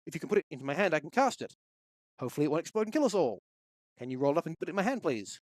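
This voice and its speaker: A cheerful, chaotic female wizard from a small story game, as a man reads her lines aloud. The voice sits high and light and runs chirpy and quick. The sound is dry and close, with no room around it. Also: very animated, dry recording.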